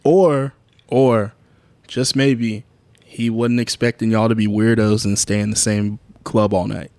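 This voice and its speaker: A man's voice: lowish voice, little pitch movement, unhurried, a little mellow, no room sound. Joking man reacting on a podcast. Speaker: podcast co-host. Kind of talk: casual chat.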